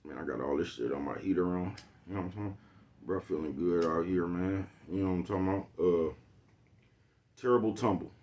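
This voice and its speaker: A man's voice: low voice, fast talker, a little mellow. A man giving a laid-back motivational vlog monologue, who keeps repeating "you know what I'm talking about.". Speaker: vlogger.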